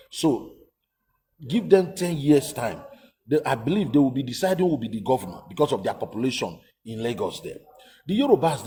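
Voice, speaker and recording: Emphatic man, mellow voice. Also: medium pitch. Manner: emphatic, repetitive, rhetorical questions. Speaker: commentator. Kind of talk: casual political commentary.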